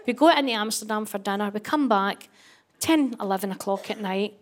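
A woman's voice: mid-range voice, brisk. A middle-aged Scottish woman doing stand-up comedy, telling a story and acting out the voices of the people in it. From Scotland. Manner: animated, acts out voices, laughs through punchlines.

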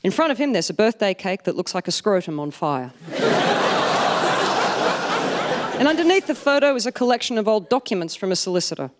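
A woman in her forties tells comic stories to a live audience. Her delivery is dry and self-mocking, and she lands her punchlines deadpan. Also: mid-range voice, fairly quick, long pauses, very noisy. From Australia. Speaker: stand-up comedian.

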